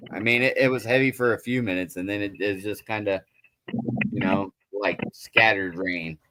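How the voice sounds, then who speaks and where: A man's voice: lowish voice, steady tone, moderate pace, sharp tone, no room sound. Easygoing man repeating friendly advice. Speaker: guest on a stream. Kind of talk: casual chat.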